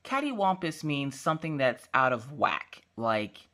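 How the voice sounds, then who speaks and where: A woman vlogging about diamond painting, chatting casually as she works and telling stories in a lively, slangy, playful way. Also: a bass voice, measured pace. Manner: acts out quotes in changing voices. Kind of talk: casual chat while crafting.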